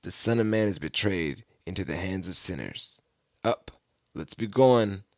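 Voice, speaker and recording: A man's voice: sits low, animated, a little slow, darkish tone, dry recording, clean studio sound. A man reading Jesus, solemn and grave. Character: Jesus, solemn grown man teaching his followers.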